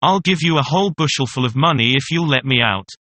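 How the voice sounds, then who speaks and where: A man's voice: mid-range voice, lively intonation, fast talker, pushed and bright, dry recording. A man reading the lines of a frightened male sexton begging to be let out of a chest in a storybook. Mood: pleading. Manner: pleading, panicked.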